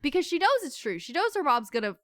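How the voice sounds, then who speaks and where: A woman's voice: high voice, fast talker, no room sound, studio quality. A young woman co-hosting a casual book club livestream, talking with emotion and venting about a novel. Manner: emotional, animated, swings between venting and seething.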